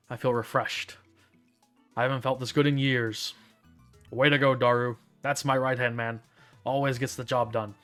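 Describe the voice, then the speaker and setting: A man's voice: medium pitch, fairly bright tone. A man streaming a dramatic visual novel read-aloud, narrating in a theatrical, smug first-person voice.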